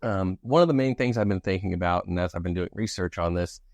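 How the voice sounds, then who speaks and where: A young man co-hosting a podcast in casual chat, playful and jokey with sudden animated outbursts. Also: low voice, quick pace, no echo. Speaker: podcast co-host.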